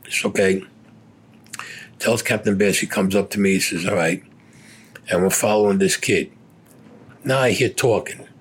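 A man's voice: low voice, steady tone, normal speed, long pauses, a little hiss or hum. An older man, a war veteran, recounting his combat memories in a blunt, profane storytelling way.

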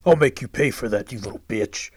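A man voicing a brutal, muscular male fighter who taunts loudly in a storybook reading. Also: mid-range voice, fairly even intonation, brisk, close to an everyday voice. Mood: taunting. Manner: taunting, loud.

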